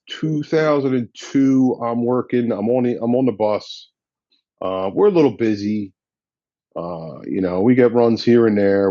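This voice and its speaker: Blunt, profane firefighter telling a story. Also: male voice, mid-range voice, mellow, no echo, highs cut off. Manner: blunt and profane, drops in slang. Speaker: firefighter guest. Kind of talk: casual storytelling.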